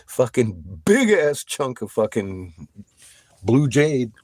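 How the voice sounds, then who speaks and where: A man chatting casually with viewers on a livestream. He swears constantly, gets excited and laughs often. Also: medium pitch, slow pace, dry recording.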